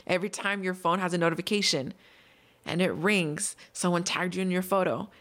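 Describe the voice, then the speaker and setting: A woman's voice: fairly low pitch, fairly even intonation, a little fast, fairly bright tone. A young adult woman hosting a solo podcast, telling a story and explaining in an earnest, upbeat, conversational way. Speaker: podcast host.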